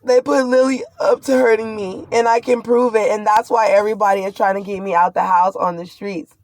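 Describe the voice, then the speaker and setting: In a dry recording, a pregnant woman addresses the camera about a frightening ordeal, urgent, rambling and afraid. Her medium-pitched voice has a darkish tone and fairly even intonation, and she speaks fairly quickly. She's a vlogger sharing a distressed personal account.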